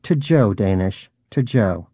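A man's voice: lowish voice, lively intonation, slow, warm tone, dry recording. A man voicing a pious, bitter male pet rodent who lectures earnestly. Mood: preachy. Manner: preachy, earnest.

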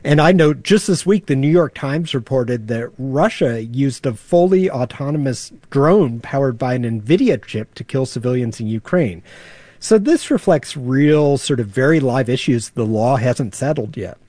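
A man's voice: medium pitch, animated, moderate pace, mellow, dry recording. A man, a radio news correspondent, explaining a story in a casual, conversational way.

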